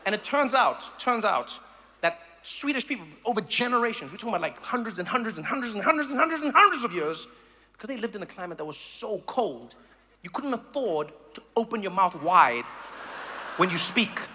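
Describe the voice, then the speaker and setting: A man from South Africa doing stand-up comedy, animated and acting out voices and sounds. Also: high-pitched, fairly quick. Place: live comedy venue.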